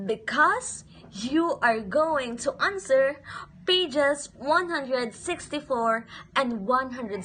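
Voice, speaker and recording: A high-voiced woman teaching a phonics lesson to young children, speaking very slowly in a sing-song way. She keeps asking questions and repeating each word. Faint noise hums behind her. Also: pushed and bright.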